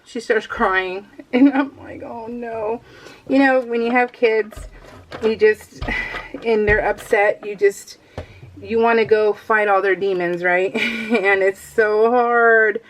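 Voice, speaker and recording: A woman's voice: medium pitch, steady tone, takes it slowly, slight background noise. Chatty middle-aged woman rambling to viewers. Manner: rambling, chatty, laughs often, talks to viewers. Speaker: crafting vlogger. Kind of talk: casual chat while crafting.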